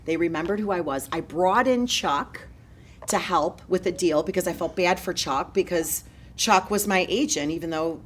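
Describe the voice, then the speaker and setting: A woman in her forties, a real estate broker, telling her story in an energetic, fast-moving interview style. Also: lowish voice, slight background noise.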